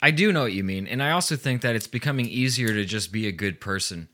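A man's voice: lowish voice, expressive, fast, a bit bright. A man co-hosting a casual gaming podcast, talking in a rambling, hesitant way. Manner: rambling, hesitant, laughs often. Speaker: podcast co-host. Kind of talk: casual chat.

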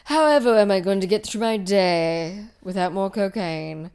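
A woman's voice: mid-range voice, normal speed, a little mellow, smooth, close to an everyday voice. A woman putting on the languid, world-weary drawl of a jaded young rich man.

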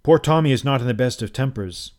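A falsely genial gentleman host with a hearty, chuckling manner, as a man reading a story aloud puts him on. He talks a little higher and louder than the narration around him, and the friendliness hides a cruel streak. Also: brisk, close to an everyday voice.

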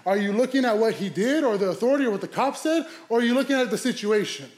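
A man quoting a calm young woman who asks probing questions. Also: very high voice, quick pace. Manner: questioning, steady. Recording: echoey hall.

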